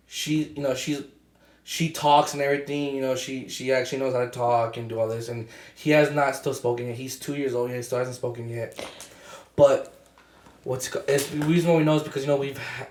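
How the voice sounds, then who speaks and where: A young man talking in casual chat as a podcast co-host, halting and full of fillers and restarts. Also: medium pitch, a little mellow, echoey room.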